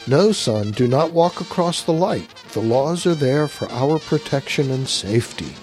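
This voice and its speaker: A man voicing a gentle, proper farm mother who is teaching her son. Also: mid-range voice, expressive, measured pace, faint music behind, natural voice, low-quality recording. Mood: instructive.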